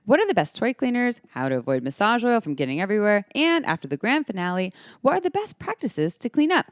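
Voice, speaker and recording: A woman's voice: mid-range voice, sing-song, fast talker, no echo, clean studio sound. A woman in her thirties hosting a podcast, chatting casually and playfully, often laughing. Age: 30s. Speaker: podcast host.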